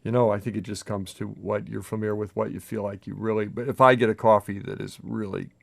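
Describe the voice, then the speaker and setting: A man with a low, gravelly voice hosts a casual coffee brewing demo at home. He talks haltingly and nervously, breaking off and restarting often. He is recorded on a camera mic with a crew nearby. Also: flat delivery. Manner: halting, self-interrupting, nervously chatty. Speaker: coffee video host. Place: home kitchen.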